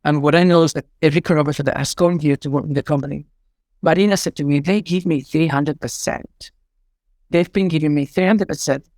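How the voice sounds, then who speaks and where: A man's voice: a little high, steady tone, fast, darkish tone, dry recording. Spanish accented guy gushing in a podcast interview, lots of you-knows, dry close mic. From Spain. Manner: effusive, rambling with many "you know" fillers. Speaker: artistic director and choreographer.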